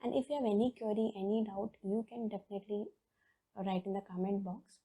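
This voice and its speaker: A woman's voice: medium pitch, fairly even intonation, a little fast, dark tone, breathy edge, poor audio. A woman teaching an exam-preparation lesson over slides, explaining step by step and often saying "okay" and "like". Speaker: IELTS teacher.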